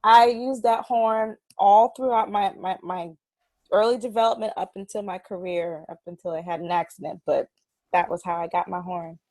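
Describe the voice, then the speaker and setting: A woman saxophonist talking as a guest in a casual interview, telling stories in an animated way and laughing often. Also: mid-range voice, moderate pace, dry recording.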